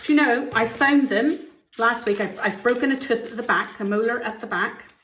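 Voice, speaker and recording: A woman's voice: fairly high pitch, normal speed, a bit bright, a little hiss or hum. Middle-aged uk woman chatting and counting cash at home, open and a bit emotional, echoey room. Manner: chatty, candid, gets emotional. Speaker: budgeting vlogger. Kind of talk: casual chat while counting cash.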